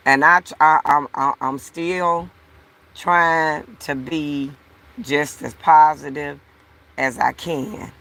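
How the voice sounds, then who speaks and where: Slow, gravelly woman venting to camera. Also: low voice, fairly even intonation, a bit bright. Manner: frustrated, repetitive, addresses viewers directly. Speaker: vlogger. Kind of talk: casual talk to camera.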